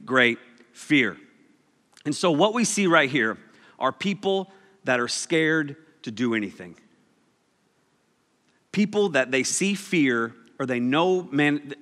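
A man delivers a casual sermon, joking and storytelling with animated energy. His voice sits a bit high and sounds bright and forceful. The recording carries the long reverb of a large hall. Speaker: preacher.

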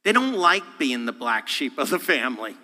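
A man's voice: mid-range voice, normal speed. Man preaching in a reverberant church. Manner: animated, acts out voices and quotes; humorous, self-deprecating. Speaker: guest speaker. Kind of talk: sermon. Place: church sanctuary. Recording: long hall reverb.

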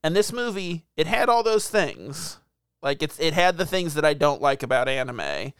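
Man, lively voice, clear and smooth, chatty podcast storytelling, fillers. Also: fairly high pitch, normal speed, no room sound. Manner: animated storyteller, laughs often, lots of fillers. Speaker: podcast co-host. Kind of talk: casual chat.

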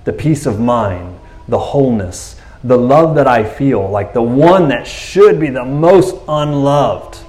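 An earnest, heartfelt apostle pleads before a king, as a preacher puts him on in a sermon. He speaks plainly, at a man's medium pitch. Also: animated, takes it slowly, hardly any pauses, a little mellow. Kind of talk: retelling scripture in a sermon.

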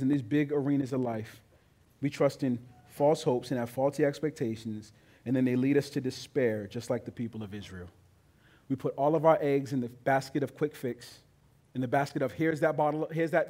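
A male pastor preaching a sermon with emphatic delivery that builds to loud, high peaks.

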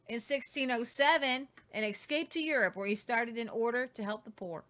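Female host, casual history talk, higher voice, reads quotes with offhand asides. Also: moderate pace, hardly any pauses, a bit bright. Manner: chatty, stumbling over names, jokey asides.

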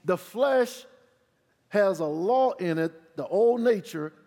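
Pastor preaching with congregation call-outs, hall reverb. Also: male voice, animated, slow, gravelly. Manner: drops low for asides, rises loud on emphasis. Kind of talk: sermon.

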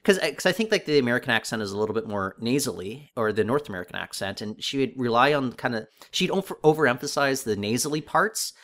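A man co-hosting a casual podcast, griping in a wry, animated way with many fillers. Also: mid-range voice, quick pace, hardly any pauses. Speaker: podcast co-host. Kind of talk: casual discussion of a TV episode.

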